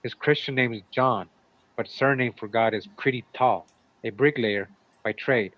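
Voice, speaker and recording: A man's voice: medium pitch, normal speed. A man reading old runaway-servant ads aloud and commenting on them between lines as a show co-host. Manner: reads old runaway ads, breaks off with asides. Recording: dull, lo-fi sound.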